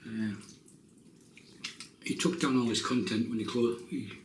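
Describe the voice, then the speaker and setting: A man's voice: mid-range voice, fairly even intonation, unhurried, distant mic. Middle-aged man, chatty self-mocking shaving vlogger, roomy bathroom sound, a bit off mic. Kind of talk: casual chat while shaving. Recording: roomy, off-mic, faint noise.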